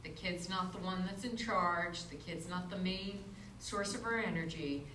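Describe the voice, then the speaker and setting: A woman's voice: fairly low pitch, unhurried, sharp tone, recorded from a distance, slight background noise. Woman lecturing in an echoey classroom. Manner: explanatory, asks the class questions. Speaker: instructor. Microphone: far room mic.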